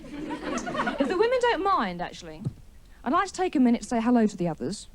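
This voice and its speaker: A woman's voice: high voice, wildly swooping pitch, fairly quick, a crowd in the background, noisy background. Wry woman doing stand-up. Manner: wry, chatty, mocking, with a live audience laughing. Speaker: stand-up comedian. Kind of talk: stand-up comedy routine. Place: TV studio with a live audience.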